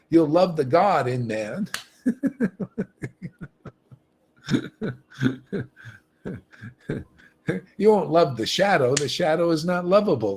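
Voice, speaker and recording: A man hosting a livestream, preaching with animated emphasis, repeating himself and laughing often. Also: on the high side, breathy edge. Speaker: livestream host. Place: livestream setup.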